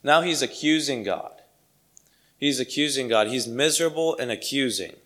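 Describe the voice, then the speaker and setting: A man's voice: mid-range voice, normal speed, fairly bright tone. A man preaching a sermon to his congregation, earnest and emphatic, repeating key phrases for weight.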